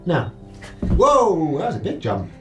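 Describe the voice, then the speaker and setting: A man's voice: on the high side, huge pitch swings, measured pace, faint music behind. A father chatting casually, playfully encouraging his child and musing about staying hopeful. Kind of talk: casual family chat.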